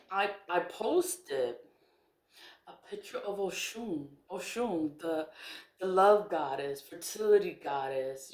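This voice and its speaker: A middle-aged woman talking casually to her camera, blunt and profane, laughing often. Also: lowish voice. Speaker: spiritual vlogger. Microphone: camera mic. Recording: echoey room with faint noise.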